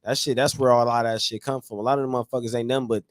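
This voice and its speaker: A man's voice: medium pitch, level tone, rapid-fire, dry recording. A man co-hosting a podcast, speaking bluntly with heavy swearing and frequent restarts. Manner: blunt, profane, restarts often. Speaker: podcast co-host. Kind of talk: casual podcast chat.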